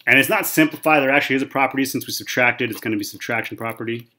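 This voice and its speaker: A man's voice: medium pitch, rapid-fire, bright, forceful tone. A man in his thirties, a math teacher talking casually through a whiteboard lesson, checking in with okay and right. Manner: chatty, repeats okay and right often.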